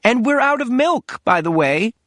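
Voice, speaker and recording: A man reading an audiobook, voicing an older mother who complains and scolds in a high-pitched voice. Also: sing-song, moderate pace, fairly bright tone, dry recording, studio quality, exaggerated voice. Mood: scolding.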